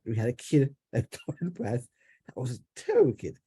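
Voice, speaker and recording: A man's voice: mid-range voice, very animated, moderate pace, warm tone, husky. A man from Jamaica giving a personal speech at a club meeting, telling a family story with acted-out quotes and frequent restarts.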